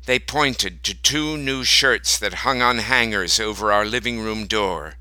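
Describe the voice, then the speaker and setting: Slow, sharp-voiced male storyteller. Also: fairly low pitch, no echo, poor audio. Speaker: narrator. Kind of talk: reading a short story aloud.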